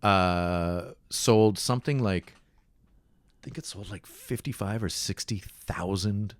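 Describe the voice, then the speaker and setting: A man from Canada, a podcast guest, in casual comedic chat, swearing and swinging into high put-on voices when he quotes people. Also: takes it slowly, dry recording.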